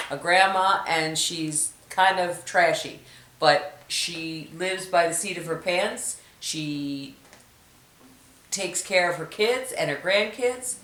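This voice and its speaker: A woman in casual chat, answering in a slow, easygoing way. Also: low-pitched, fairly bright tone, reverberant.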